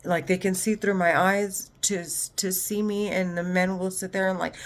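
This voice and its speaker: A woman's voice: mid-range voice, level tone, moderate pace, few pauses. A woman and mother talking to camera in an agitated, rambling personal monologue, swearing heavily and restarting often. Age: adult, mother of children. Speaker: vlogger.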